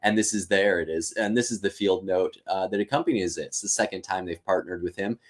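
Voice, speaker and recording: Man, host, live lesson commentary, casual, thinking aloud, lowish voice. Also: brisk. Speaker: teacher and host. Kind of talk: live-streamed reading and commentary.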